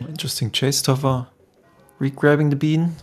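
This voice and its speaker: A man doing relaxed, chatty live commentary on a game tournament, greeting viewers in chat. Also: on the high side, normal speed, faint music behind.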